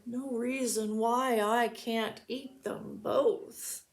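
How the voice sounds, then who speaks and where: A woman doing a slow, sly wolf. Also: on the high side, steady tone. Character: sly, greedy male wolf.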